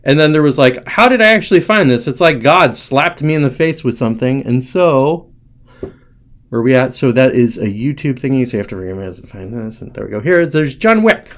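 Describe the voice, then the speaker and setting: A man's voice: medium pitch, lively intonation, a little fast. Profane ranting male livestream host. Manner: profane, ranting, addresses chat viewers by name.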